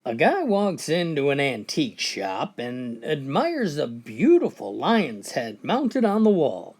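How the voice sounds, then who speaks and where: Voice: medium pitch, big pitch swings, takes it slowly, hardly any pauses, a little mellow. A joke teller reading out a run of short funny stories, switching briefly into voices for the characters.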